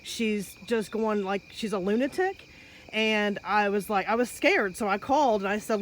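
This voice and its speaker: A woman's voice: medium pitch, a little hiss or hum, low-quality recording. A woman with a Kentucky accent, the mother who called police, anxiously recounting threats to an officer. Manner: shaken, rushed, emphatic. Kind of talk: recounting an incident. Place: outdoors at night.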